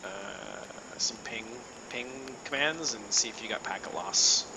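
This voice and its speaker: Game master explaining rules, noisy line. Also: male voice, on the low side, expressive, a little slow. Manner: explains rules step by step, with fillers. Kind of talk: running a tabletop game over voice chat. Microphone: online voice call.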